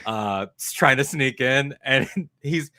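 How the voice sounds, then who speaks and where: A man's voice: mid-range voice, takes it slowly, bright, forceful tone, no echo. A man in his thirties on a live talk show, rambling through a story as co-host. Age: 30s.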